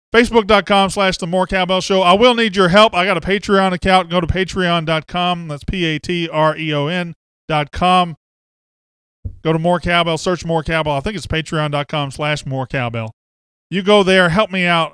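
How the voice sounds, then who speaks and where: A man hosting a sports podcast, excitable and brash, speaking from a studio. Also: high voice, moderate pace, smooth, dry recording. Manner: excitable, brash, loud bursts. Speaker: podcast host. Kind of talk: energetic sports podcast talk.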